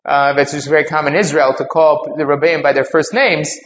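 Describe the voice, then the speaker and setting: A man with a slightly high voice teaches a Talmud class, explaining each point step by step and weaving in Hebrew and Aramaic terms. The audio is dull and roomy, with faint ambient noise behind him. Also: fairly even intonation, fairly quick, a bit bright.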